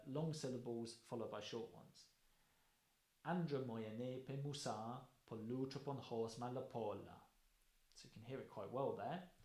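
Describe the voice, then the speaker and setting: A man delivers a lecture at a mid-range pitch. He talks in an explanatory way, pausing to rephrase and fix his own wording as he goes. His voice rings with the echo of a bare room. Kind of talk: recorded course lecture. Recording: echoey room.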